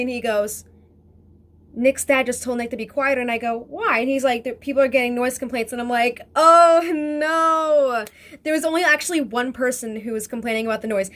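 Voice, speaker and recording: A young woman telling a casual storytime vlog in a chatty, excitable way, full of fillers and swearing. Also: fairly high pitch. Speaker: vlogger.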